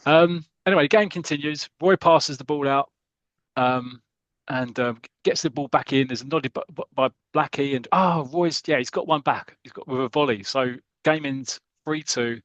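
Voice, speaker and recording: A man's voice: a little high, normal speed, fairly bright tone, no room sound, lo-fi sound. A British man co-hosting a podcast, casually retelling a football comic story, acting out the characters and calling the action like live commentary. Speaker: podcast co-host.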